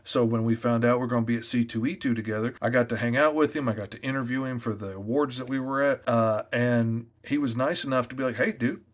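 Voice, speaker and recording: A comic artist, a man, giving sales tips in a loud, energetic, chatty way. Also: mid-range voice, quick pace, few pauses. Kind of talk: casual tips talk to camera.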